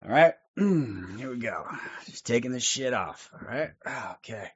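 A man's voice: mid-range voice, expressive, unhurried, slightly rough, lo-fi sound. A man hosting a casual livestream from his couch at home, rambling and swearing, with lots of fillers and restarts. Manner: rambling, profane, many fillers. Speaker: livestream host.

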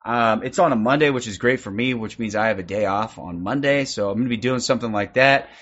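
A man hosting a livestream in loose, casual chat, reeling off quick shout-outs and swearing freely. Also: medium pitch, dull audio. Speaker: livestream host.

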